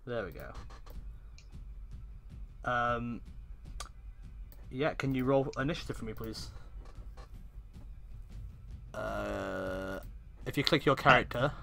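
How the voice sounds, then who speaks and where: A man's voice: medium pitch, slow pace, creaky, pauses often, sharp tone, soft background music. A man narrating as game master in an online tabletop game, casual and hesitant with many fillers.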